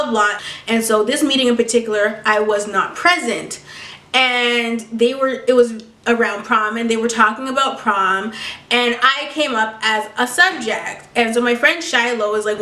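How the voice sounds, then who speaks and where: A young woman telling a story in a casual vlog, animated, sassy and full of swearing. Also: on the high side, roomy sound, far from the mic. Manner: animated, profane, sassy and dramatic. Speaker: vlogger.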